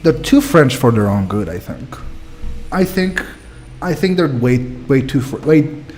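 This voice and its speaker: A man's voice: mid-range voice, measured pace. A man streaming a game, chatting playfully and energetically with his viewers. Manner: playful, energetic, talks to chat. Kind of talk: game let's play with chat.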